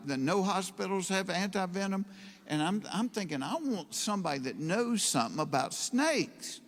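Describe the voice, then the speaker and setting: Male stand-up comic, higher voice, drawling deadpan delivery, long hall reverb. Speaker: stand-up comedian. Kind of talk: stand-up storytelling. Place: stage in a large hall.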